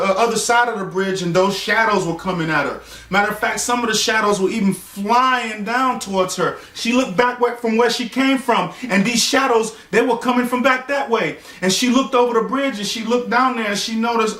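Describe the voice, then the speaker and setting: A man with a high, bright voice tells a loose, rambling bedtime story full of fillers and acted-out lines. He sits back from the mic in a roomy, echoing space. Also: far from the mic. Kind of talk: casual spoken bedtime story. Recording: roomy echo, voice from away from the mic.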